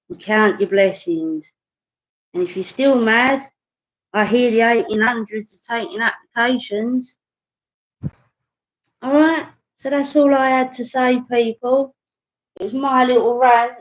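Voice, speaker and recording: A woman hosting a livestream, ranting bluntly and chatting to viewers, sometimes dropping into mutters. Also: on the high side. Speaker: livestream host. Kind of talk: ranting live stream. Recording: dull lo-fi sound.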